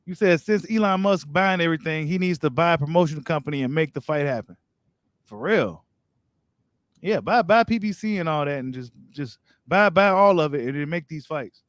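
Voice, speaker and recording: A man's voice: on the high side, fairly quick, hardly any pauses, dry recording, clean studio sound. A man hosting a boxing live stream, reading viewer comments and giving his take in casual, slangy talk straight to his viewers. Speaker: boxing channel host.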